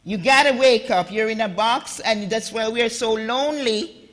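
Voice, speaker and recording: A Jamaican woman with a Jamaican accent gives an impassioned conference talk, addressing the audience directly. Her voice is on the high side and moves at a normal speed. The hall is echoey, with a long reverb.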